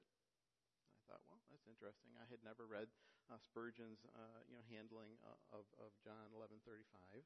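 A man reading scripture aloud with slow emphasis, then preaching haltingly with many pauses and fillers. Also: medium pitch, gravelly. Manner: reads with emphatic slowing, then halting and hesitant. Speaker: lay preacher. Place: church. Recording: dull sound with long hall reverb.

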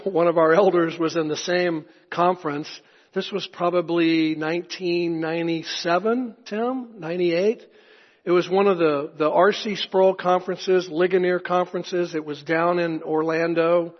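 Husky-voiced pastor preaching in an echoey hall. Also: male voice, on the high side. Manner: conversational, anecdotal, chuckling asides. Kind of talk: sermon. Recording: echoey hall, dull lo-fi sound.

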